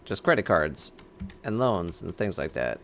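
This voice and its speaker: A man with a very deep, gravelly voice, chatting casually on a game stream. He breaks in with quick questions between reactions to the game, over a faint hiss. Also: big pitch swings, a bit bright. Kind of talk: casual chat over gameplay.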